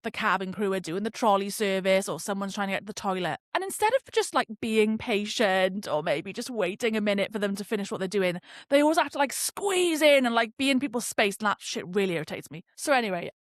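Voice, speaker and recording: Animated woman, podcast host. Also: medium pitch, fast talker, few pauses, dry recording, clean studio sound. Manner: animated, chatty, swears freely. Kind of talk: casual storytelling monologue.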